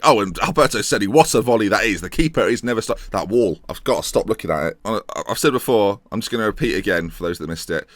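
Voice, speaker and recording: A young man giving excitable, jokey let's-play commentary on a football management game, thinking aloud as he goes. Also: fairly low pitch, fast talker, hardly any pauses, no echo. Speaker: gaming YouTuber.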